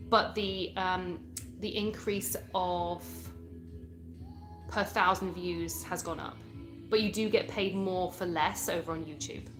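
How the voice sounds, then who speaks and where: A young British woman from England hosting a casual live stream, chatting and answering viewer comments as she reads them aloud. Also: mid-range voice. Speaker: livestream host.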